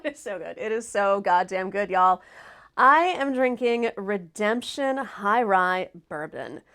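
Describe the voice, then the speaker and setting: A woman hosting a casual live stream, loud, laughing often and swearing freely. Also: medium pitch. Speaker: host.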